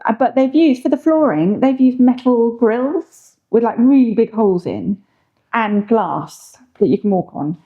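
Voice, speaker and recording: A woman's voice: on the high side, expressive, unhurried, narrow, tinny audio. A woman, co-host of a home channel, chatting casually with lots of "like" and "sort of". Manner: chatty, filler-heavy, laughing easily. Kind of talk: casual chat.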